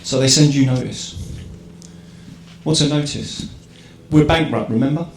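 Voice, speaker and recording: An English man with a fairly high voice gives a relaxed, unhurried talk to a live crowd in an echoey event hall, with slight background noise and faint ambience. A conversational public speaker, he poses rhetorical questions and keeps checking in with "right?"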